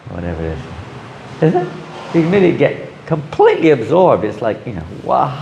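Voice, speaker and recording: A man teaching a scripture class in a lively way, often acting out the voices of people he quotes. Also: mid-range voice, fairly quick, gravelly, reverberant, a little hiss or hum, poor audio. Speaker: spiritual teacher.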